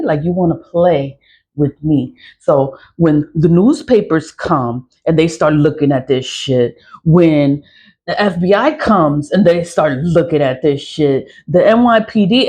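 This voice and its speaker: A woman's voice: on the low side, a little mellow. A middle-aged woman, venting angrily to camera in a profane monologue and repeating herself for emphasis. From New York. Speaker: vlogger.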